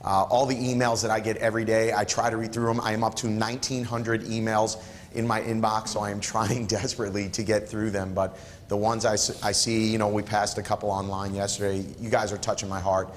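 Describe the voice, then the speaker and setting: A man with a fairly low voice leads a live photography workshop in a studio. His delivery is emphatic and encouraging, with a playful streak, and a long reverb trails his words. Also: flat delivery, a little fast, a little hiss or hum.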